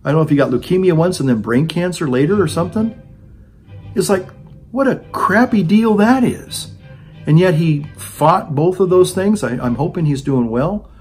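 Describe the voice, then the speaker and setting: A man's voice: on the high side, lively intonation, fairly quick, darkish tone, soft background music. A man giving a rambling, sarcastic opinion monologue on his own channel, full of "you know" fillers. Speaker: video blogger.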